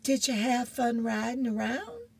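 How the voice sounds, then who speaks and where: A woman's voice: fairly high pitch, sing-song, unhurried, vocal fry, a little mellow, breathy edge, voice pushed up, heavily acted. A woman reading a comic strip voices a knowing mother who sounds dry and skeptical.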